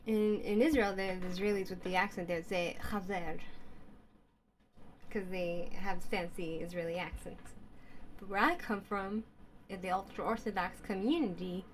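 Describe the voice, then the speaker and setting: A woman's voice: medium pitch, normal speed, long pauses, slight background noise. A woman in a rambling, casual monologue who repeats herself, keeps asking her listeners questions, and sprinkles in Yiddish and Hebrew words.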